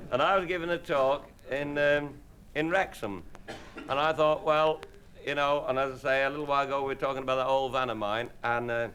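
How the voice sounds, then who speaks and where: A man with a mid-range, fairly bright voice tells rambling, bawdy comic anecdotes as an after-dinner speaker, chuckling along the way. The hissy old live tape also catches audience laughter.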